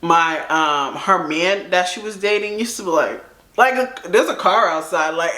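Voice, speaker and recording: A young woman chatting through a storytime, animated and slangy, with a rambling delivery. Her voice is bright and sharp, and the room around her is roomy and echoey. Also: fairly low pitch, moderate pace. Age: young adult. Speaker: storytime vlogger. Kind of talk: casual storytime chat.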